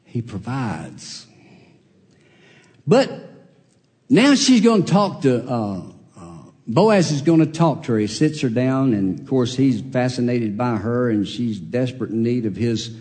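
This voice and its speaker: A man preaching a storytelling sermon, folksy and animated, acting out the characters in his story. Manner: folksy, animated, acts out characters with big pitch jumps. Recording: long reverb of a large hall.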